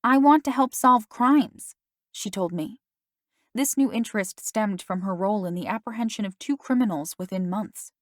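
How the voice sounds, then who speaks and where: A woman narrating a first-person novel as an audiobook, in a steady storytelling manner. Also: medium pitch, dry recording, clean studio sound.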